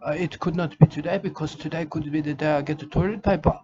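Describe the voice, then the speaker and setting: A man's voice: fairly high pitch, steady tone, fast talker, close to an everyday voice. A man playing a rambling, eccentric self-styled wildlife warrior in an absurd comic monologue. He stumbles through broken grammar, keeps saying "uh", and tacks on "mate" again and again. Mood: rambling melancholy. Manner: rambling, full of "uh", keeps saying "I can tell you" and "mate". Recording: dull lo-fi recording with clear background noise.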